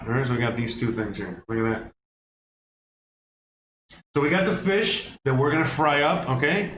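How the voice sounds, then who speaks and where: A man hosting a casual cooking livestream from his home kitchen, rambling with lots of fillers and restarts. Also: medium pitch. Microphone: microphone on kitchen counter setup. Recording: echoey kitchen with background noise.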